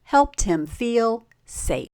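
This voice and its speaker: A woman reading a children's picture book aloud as a teacher, pausing to ask the listeners simple questions. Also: a little high, big pitch swings, darkish tone. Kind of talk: slow read-aloud storytime with questions.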